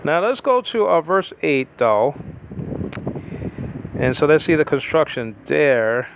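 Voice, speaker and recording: A man with a somewhat high, gravelly voice leads an informal Bible lesson. He talks slowly and haltingly, filling gaps with "uh" and "okay" as he works through ancient words. A faint hum sits behind him. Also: sing-song. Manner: halting, many fillers, sounding out Hebrew and Greek words. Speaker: Bible teacher. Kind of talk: informal scripture study.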